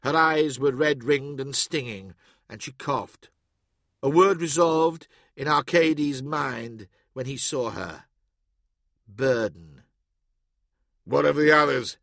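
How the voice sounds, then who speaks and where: A man reading an audiobook in steady, even scripted narration. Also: mid-range voice, slow, dry recording, clean studio sound.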